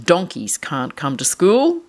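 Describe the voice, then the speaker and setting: A grumpy male schoolteacher from a picture book, voiced by a woman reading aloud, who scolds in a slow, stern tone. His voice sits low but still rises and falls with feeling. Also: wildly swooping pitch, a little mellow, full character voice. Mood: cross.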